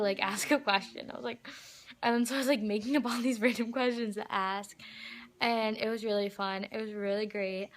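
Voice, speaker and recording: A young woman vlogging an excited fan storytime, gushing and full of fillers. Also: mid-range voice.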